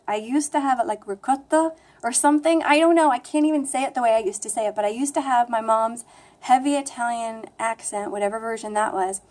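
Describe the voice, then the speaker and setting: A young woman with a flat American accent, chatting casually to camera in a rambling, self-deprecating way. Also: fairly high pitch. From United States. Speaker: language vlogger. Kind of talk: casual talking-to-camera vlog.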